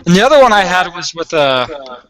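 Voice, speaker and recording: Young man, animator, casual chat, excitable, swears, high lively bright voice. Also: a little fast, dry recording, rough recording.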